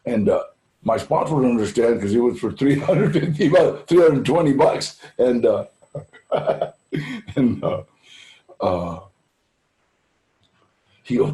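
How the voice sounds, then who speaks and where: A man's voice: medium pitch, lively intonation, takes it slowly, pauses often, dark tone, echoey room. An older man, a guest speaker, telling laid-back anecdotes in a casual way, dropping "man" and "you know" and acting out the people in his stories. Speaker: guest speaker at a recovery fundraiser.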